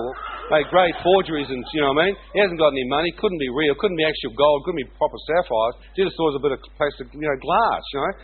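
A man's voice: fairly high pitch, slight background noise. Chatty New Zealand man on a tinny line. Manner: chatty, laughs often, keeps saying "you know what I mean". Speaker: speaker giving a personal testimony. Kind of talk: storytelling testimony.

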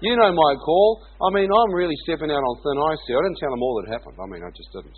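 A chatty man with a New Zealand accent tells a personal testimony as a story, laughing often as he goes. His voice sits a little high. It comes through a thin, phone-like line with a faint hiss behind it. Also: expressive, fast. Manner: chatty, laughs often, keeps saying "you know what I mean". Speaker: speaker giving a personal testimony.

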